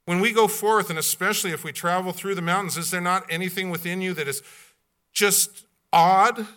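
Male preacher, very bright ringing voice, slightly high, dramatic loud-to-soft swings. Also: steady tone, fast talker. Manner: dramatic swings from loud exclamations to hushed asides; blunt, folksy and rhetorical. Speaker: pastor. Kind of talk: sermon.

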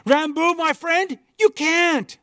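A man's voice: extremely high pitch, takes it slowly, bright, forceful tone, dry recording, clean studio sound, pitched above the performer's own voice, heavily acted. A man voicing a pleading missionary. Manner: urgent, pleading. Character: male missionary, pleading and kindly. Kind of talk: storybook dialogue reading.

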